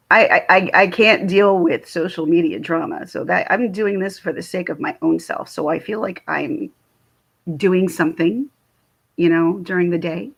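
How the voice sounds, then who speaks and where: A woman's voice: medium pitch, vocal fry, husky. A middle-aged woman with a Philadelphia accent, chatting casually on a livestream and answering viewer comments. She is chatty, laughs often, and trails off and restarts. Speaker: livestream host. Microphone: phone or webcam livestream.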